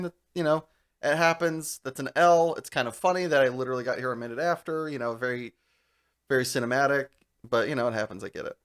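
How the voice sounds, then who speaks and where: A young man co-hosting a podcast, telling a long story in casual chat, animated and laughing as he goes. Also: medium pitch, a little fast, vocal fry. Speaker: podcast co-host.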